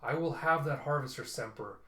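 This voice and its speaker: A man's voice: a little high, sharp tone, roomy sound. A man voicing a cold, calculating robot commander giving orders. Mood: commanding. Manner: measured, commanding.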